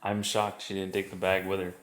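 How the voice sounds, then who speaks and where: A middle-aged father vlogging casually, coaching his kids and telling family stories in a relaxed way. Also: sits low, a little fast. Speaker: vlog host and father. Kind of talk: casual family vlog talk.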